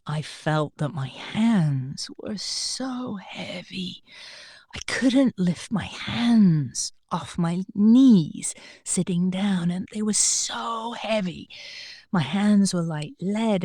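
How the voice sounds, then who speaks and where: A woman guest on a podcast, telling a personal story in an animated way and acting out the voices of the people in it. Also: on the low side, dry recording, studio quality. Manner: animated, acts out quoted voices. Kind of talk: storytelling in an interview.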